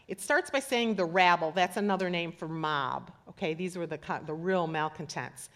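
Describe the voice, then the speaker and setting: Middle-aged woman pastor, lively sermon delivery, playful asides. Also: lowish voice, moderate pace. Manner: animated, acts out scripture voices. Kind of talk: sermon with scripture reading.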